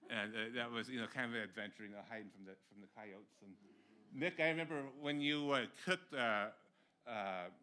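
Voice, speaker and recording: Bright-voiced scout leader, halting speech. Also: male voice, medium pitch. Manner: halting, many fillers. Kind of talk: informal speech at a ceremony. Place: church ceremony.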